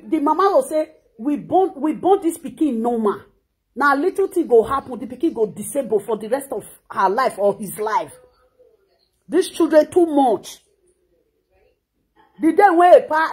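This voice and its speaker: A Nigerian woman in her thirties with a Nigerian Pidgin accent, scolding in an impassioned reaction monologue and often repeating words. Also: high voice. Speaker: social media commentator.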